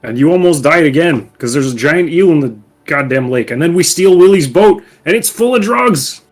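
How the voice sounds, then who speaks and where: A man at a tabletop game answers in a blunt, deadpan way. His voice sits a little high for a man, with faint music behind. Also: moderate pace. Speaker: player. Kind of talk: casual tabletop chat.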